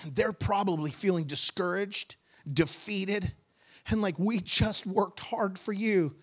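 A man preaching a sermon as pastor, impassioned and rising to shouts at his peaks. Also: sits high, slow, breathy edge.

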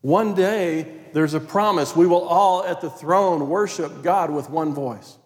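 Man, pastor, sermon, fairly high-pitched, emphatic scripture reading, long hall reverb. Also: unhurried. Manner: emphatic preaching, reading scripture aloud, dropping to quiet prayer.

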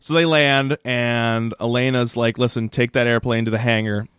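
A man's voice: mid-range voice, fairly even intonation, fairly bright tone, smooth, no room sound, studio quality. A man co-hosting a podcast, recapping an episode in casual chat, laughing often and acting out the characters' lines. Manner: laughs often, acts out characters' lines in quick put-on voices. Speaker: podcast co-host.

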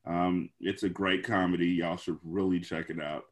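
A man co-hosting a podcast who talks about a movie in an animated, joking way, full of slang. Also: low-pitched, normal speed. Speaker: podcast co-host. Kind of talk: casual movie discussion.

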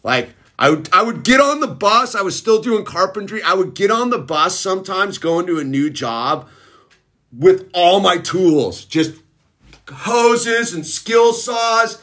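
Lively laid-back man telling a story. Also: high-pitched, measured pace. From Southern California. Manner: laid-back surfer slang, says dude a lot. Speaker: recovery storyteller. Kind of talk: casual storytelling.

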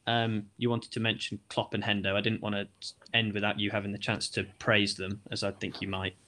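A man leading a casual football discussion, asking probing, measured questions. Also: on the low side, level tone, bright, forceful tone.

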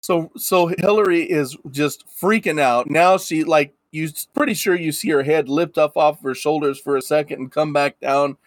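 A man's voice: fairly high pitch, moderate pace, few pauses, rough recording. A man narrating as game master of a tabletop game, rambling with many restarts.

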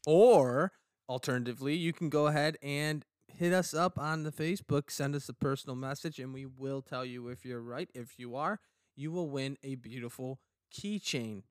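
A man's voice: mid-range voice, normal speed, clear, resonant tone, no room sound. A man co-hosting a casual podcast, joking and rambling playfully on a close mic. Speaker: podcast co-host.

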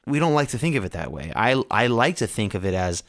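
Low-voiced man, reflective. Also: very animated, fast, fairly bright tone. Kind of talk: casual chat.

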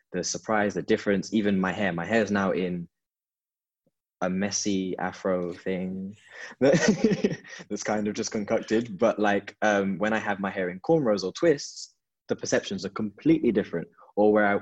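A man's voice: deep voice, darkish tone, slightly rough, dull audio. A young man from London, a guest in a casual interview, talking thoughtfully with lots of fillers over a video call. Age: young adult. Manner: thoughtful, reflective, with frequent fillers.

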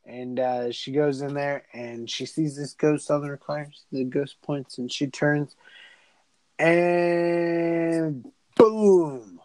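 A young man in casual podcast chat, retelling a horror movie with profanity, rambling asides and quick character voices. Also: fairly high pitch, fairly even intonation, a little mellow, dry recording, rough recording. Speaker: podcast co-host.

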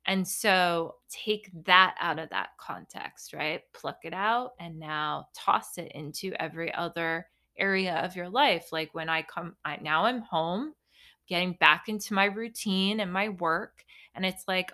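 A young woman talks straight to her podcast listeners, easy and conversational. Her voice is bright and forceful. She tells her stories in a lively way and pokes fun at herself. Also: fairly low pitch, a little slow. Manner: chatty, animated storytelling with playful self-mockery. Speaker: podcast host. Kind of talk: casual solo podcast monologue.

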